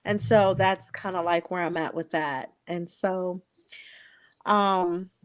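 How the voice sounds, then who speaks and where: A woman's voice: lowish voice, fairly even intonation, no room sound. Earnest woman in her forties, dry sound. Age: 40s. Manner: earnest, reflective, halting with restarts. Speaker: host. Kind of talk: heartfelt conversational storytelling.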